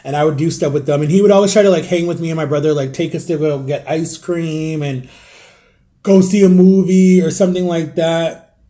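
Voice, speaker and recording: A young man talking straight to his viewers in a loose, rambling vlog, confiding and full of fillers. His voice is a touch higher than most men's, but soft and dark in tone. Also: fairly even intonation, fairly quick, lo-fi sound. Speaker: vlogger. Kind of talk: casual storytelling vlog.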